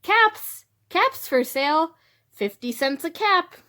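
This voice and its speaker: A woman voicing an exasperated male cap peddler who shouts slowly and loudly, in a raised pitch, in a children's storybook reading. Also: expressive, full character voice. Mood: calling out.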